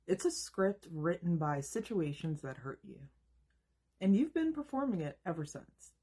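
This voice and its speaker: A woman in her thirties giving an emphatic, rhetorical self-help monologue with dramatic pauses. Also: on the low side, big pitch swings, warm tone, breathy edge. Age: 30s. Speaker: self-help video host. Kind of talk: scripted motivational monologue.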